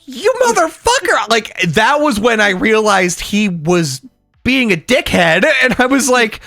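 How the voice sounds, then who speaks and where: A man's voice: high voice, measured pace, vocal fry, dry recording. Man, 30s, casual podcast chat, swears, rambling, dry close sound, faint music behind. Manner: rambling, many fillers, swears, gets loud and animated. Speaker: podcast co-host.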